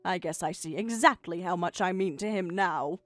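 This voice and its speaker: A woman's voice: lowish voice, normal speed, dry recording, soft background music, natural voice. A woman voicing a hurt middle-aged mother with biting sarcasm in a text-message story. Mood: bitter.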